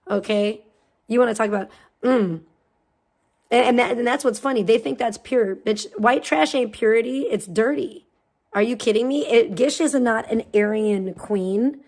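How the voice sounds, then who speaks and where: A woman hosting a livestream, delivering a profane, mocking rant of commentary. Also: on the high side. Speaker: livestream host.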